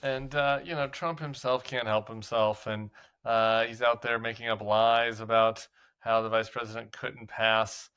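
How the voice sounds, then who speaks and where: A man's voice: medium pitch, fairly even intonation, a little slow, a bit bright, clean tone. A man giving casual political commentary, chatty, with many fillers and restarts.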